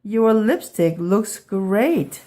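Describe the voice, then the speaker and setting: A woman's voice: mid-range voice, expressive, drawn-out words, dark tone, voice pushed up. A woman voicing an eager, literal-minded female housekeeper in a children's storybook read-aloud.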